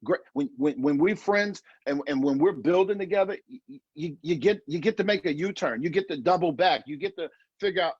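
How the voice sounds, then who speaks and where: A man's voice: a little high, fairly quick, breathy edge, no echo, muffled recording. A middle-aged man giving an earnest online conference talk, repeating phrases for emphasis and restarting often, heard over a video call. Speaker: marriage conference speaker.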